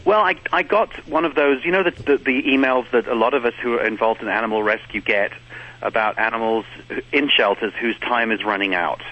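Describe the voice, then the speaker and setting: A man's voice: medium pitch, a little fast, highs cut off. A man with an English accent, a guest calling in to a radio show, chatting in a self-deprecating way and stumbling over repeated words. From England. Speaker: phone-in guest. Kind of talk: casual radio chat. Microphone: telephone.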